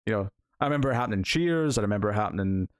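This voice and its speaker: A man's voice: lowish voice, lively intonation, racing, smooth, no echo, studio quality. A man hosting a casual TV news podcast, chatting with lots of fillers and frequent laughter. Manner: laughs often, filler-heavy rambling. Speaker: podcast host. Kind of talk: casual chat.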